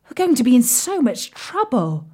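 A woman voicing a nervous, polite frog prince in a children's storybook, with a croaky voice. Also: high voice, sing-song, normal speed, a little mellow, pitched above the performer's own voice. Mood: worried.

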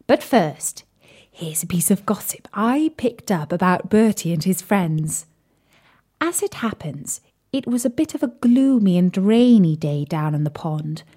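A young woman telling a children's story in a playful, animated way, sometimes dropping to a whisper. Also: mid-range voice.

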